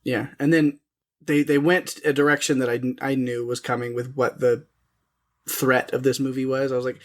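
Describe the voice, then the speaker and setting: A man co-hosts a podcast, talking casually about a movie at a middling pitch. His delivery is wry and sarcastic, and he laughs often between his points. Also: little pitch movement, moderate pace. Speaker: podcast co-host. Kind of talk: casual chat reviewing a film.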